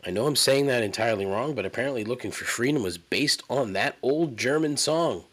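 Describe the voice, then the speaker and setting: Animated, rambling podcast host man. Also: medium pitch, brisk, few pauses. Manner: rambling, profane, incredulous storytelling. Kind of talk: casual solo monologue.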